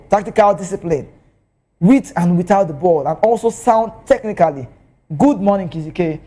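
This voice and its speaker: A man with a Nigerian accent talking football as a TV pundit, animated and excitable. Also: moderate pace. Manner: animated, excitable, swings pitch. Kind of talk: TV football commentary in Pidgin. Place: TV studio.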